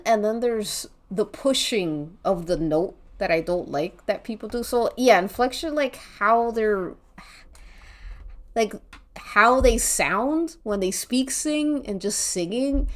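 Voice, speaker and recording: Slow, lively-voiced woman chatting on stream. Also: on the high side. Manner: rambling, chatty, swears casually, thinks aloud. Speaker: art streamer. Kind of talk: casual chat while drawing on stream.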